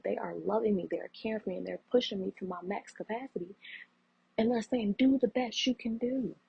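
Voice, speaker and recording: Thirties woman, raspy gravelly solo podcast host, earnest and preachy. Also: mid-range voice, no room sound. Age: 30s. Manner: earnest, preachy, repeats phrases for emphasis. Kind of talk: heartfelt solo podcast talk. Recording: muffled lo-fi audio.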